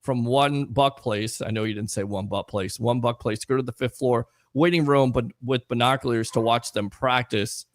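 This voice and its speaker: A man's voice: mid-range voice, normal speed, few pauses, dry recording. Florida guy hosting a sports show, grumbly jokes, dry close mic. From Tampa Bay area, Florida. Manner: animated, mock-grumpy joking. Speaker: sports podcast host. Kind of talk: casual sports chat.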